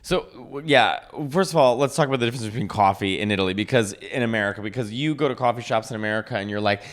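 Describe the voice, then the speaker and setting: A man hosting a podcast, chatting casually and telling lively anecdotes. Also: on the low side, fast talker. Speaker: podcast host. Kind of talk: casual chat.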